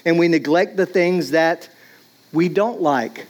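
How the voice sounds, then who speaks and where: Man, high voice, casual preacher, chatty sermon. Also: takes it slowly. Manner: casual, conversational, many "like"s, acts out voices. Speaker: pastor.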